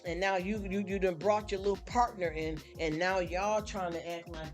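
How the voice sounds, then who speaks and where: A woman's voice: lowish voice, fairly even intonation, normal speed, soft background music. A woman hosting a live stream, venting bluntly to her chat and mocking people with put-on voices. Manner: blunt, fired-up, mocking impressions.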